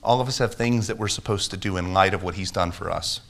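A man's voice: low voice, quick pace, gravelly, a bit bright. A man preaching a sermon as pastor, earnest and emphatic, with repeated phrases and a closing prayer that builds in intensity. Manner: prays with rising intensity.

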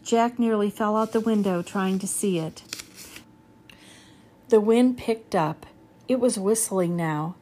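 A woman reading a children's chapter book aloud in a steady storytelling manner. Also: medium pitch, takes it slowly, pauses often, a little hiss or hum. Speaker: reader.

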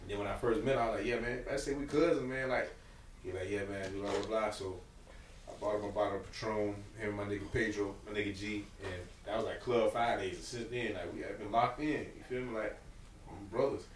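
A young man in a casual podcast chat, telling a long story. His voice sits mid-pitch and leaps up when he acts out other people. The sound is roomy and a bit distant from the mic. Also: fairly quick, a little hiss or hum. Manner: animated storyteller, swings loud and high when reenacting, drops low when calm. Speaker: podcast guest.

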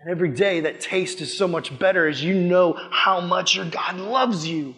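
A man's voice: high-pitched, moderate pace, pushed and bright, big-room sound, soft background music. A young man preaching a sermon, impassioned and conversational, acting out little quoted asides as he goes. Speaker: youth pastor.

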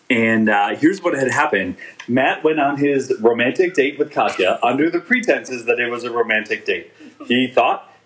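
On a podcast he co-hosts, a man in his forties chats casually about a TV episode, joking and rambling with frequent restarts. His voice is medium-pitched, and the recording is rough.

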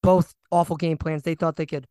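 A young man co-hosting a casual sports podcast, animated and ranting, often repeating himself. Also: a little high, fairly quick, clean tone, dry recording. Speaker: podcast co-host.

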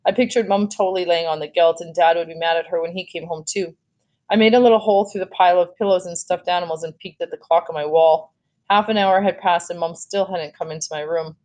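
A woman teacher reads a novel aloud to her young class in a calm, plain way. Her voice sits a little low, and she stops now and then for short asides. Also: quick pace.

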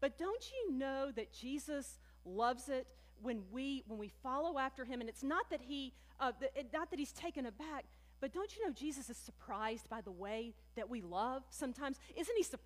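A woman pastor preaching a sermon in a conversational, animated way, often calling her listeners friends. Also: high-pitched, normal speed. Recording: long hall reverb.

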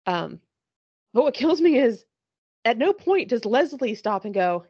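A woman with a gravelly, fry-edged voice chats loosely about a TV show, laughing often and telling the scenes with lots of swearing. The recording sounds dull and lo-fi, with a dry, close sound and no room around it. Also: a little high, sing-song, a little slow, pauses often, darkish tone, no echo. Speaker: podcast host. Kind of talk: casual chat recapping a TV show.

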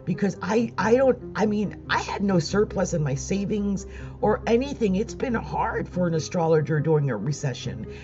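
A woman's voice: on the low side, sing-song, normal speed. A middle-aged woman, an astrologer, telling an upset, rambling story about money troubles and fighting back tears. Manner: upset, rambling, restarts sentences. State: near tears. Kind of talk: personal vlog monologue. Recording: dull lo-fi sound with faint music.

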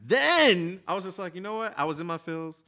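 A man co-hosting a podcast in casual chat, enthusiastic and quick to react. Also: high voice, lively intonation, pushed and bright, a little hiss or hum. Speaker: podcast co-host.

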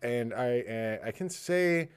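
A man's voice: medium pitch, measured pace, clear, resonant tone. A man hosting a podcast in casual chat, ranting and swearing freely and laughing often. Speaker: podcast host.

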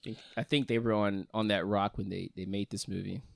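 Young male podcast host, gravelly, low, relaxed and joking. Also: a little fast, noisy background. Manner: upbeat intro, then relaxed and joking. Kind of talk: casual podcast chat.

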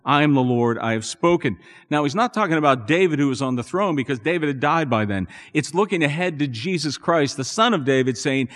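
A man preaching a sermon as a pastor, earnest and building to animated emphasis. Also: on the high side, brisk, few pauses. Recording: long reverb in a church hall.

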